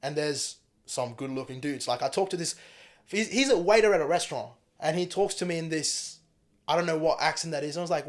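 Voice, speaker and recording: A young man, speaking in a voice pitched a touch higher than most men. He is a podcast guest in a casual studio chat, blunt and opinionated, with plenty of swearing. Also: brisk. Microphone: studio mic.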